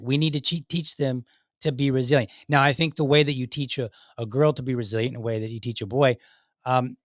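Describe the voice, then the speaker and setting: A man's voice: medium pitch, dry recording, studio quality. A man hosting his own podcast in a casual live-stream talk, rambling with many fillers and restarts. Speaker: podcast host.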